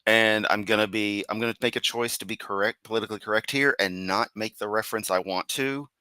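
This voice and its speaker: Man, live streamer, sarcastic, rambling, yawning, tense bright tone, dead dry mic. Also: lowish voice, fairly even intonation, fast, clean tone, no room sound. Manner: sarcastic, rambling, with laughs and restarts. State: tired, yawning. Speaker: streamer reacting to comments.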